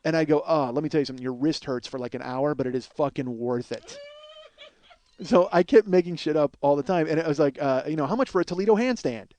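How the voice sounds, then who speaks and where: Profane, animated man telling a comic story. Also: on the high side, fast talker. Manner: profane, animated, acts out quoted dialogue. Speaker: podcast host.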